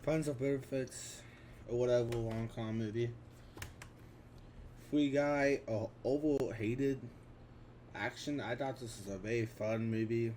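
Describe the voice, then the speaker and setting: A vlogger in his twenties casually, offhandedly runs through his film collection, often restarting and using fillers. His mid-range voice is steady, a little mellow and unhurried, with long pauses over slight background noise.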